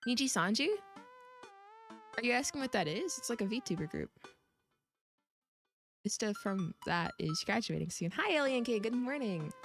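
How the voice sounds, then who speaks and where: A woman's voice: fairly high pitch, lively intonation, normal speed, pauses often. A young woman streaming a dating game, chatting casually, giggling and rambling with self-teasing asides. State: coughing. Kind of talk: casual let's-play chat. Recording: faint music behind.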